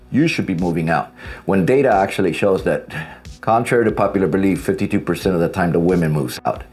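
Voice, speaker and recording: A man's voice: deep voice, darkish tone. A man giving blunt, casual advice as a divorce coach, speaking straight to his viewers and swearing freely. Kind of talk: direct-to-camera advice talk.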